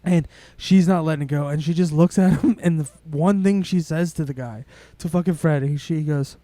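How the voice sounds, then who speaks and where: A young man, co-hosting a podcast and telling a long story in a rambling, excitable way, swearing often. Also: fairly high pitch, moderate pace, no echo. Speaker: podcast co-host. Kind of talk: casual storytelling chat.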